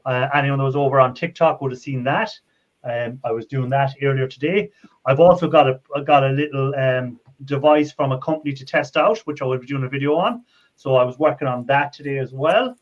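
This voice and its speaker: Fairly quick and medium in pitch, an Irish livestream host rambles through a casual, friendly chat with frequent laughter. The stream audio sounds dull and lo-fi.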